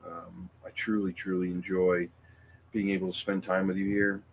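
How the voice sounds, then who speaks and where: Man, middle-aged, very deep voice, creaky, emotional halting livestream chat, faint background noise. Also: level tone. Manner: emotional, halting, many fillers and restarts. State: emotional, near tears. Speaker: livestream host.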